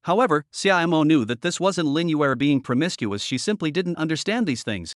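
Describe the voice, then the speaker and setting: A man reading a scripted story recap in an even, steady way. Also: on the high side, normal speed, no echo, clean studio sound. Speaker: narrator.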